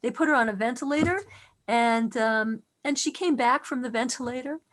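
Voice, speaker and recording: Middle-aged woman teacher, higher register, earnest and expressive, tells a personal story with restarts. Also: moderate pace. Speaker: class teacher.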